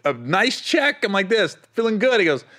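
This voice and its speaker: A man's voice: sits high, sing-song, normal speed, sharp tone. A man, a touring stand-up comic, telling road stories in casual chat, often laughing and acting out other people's voices.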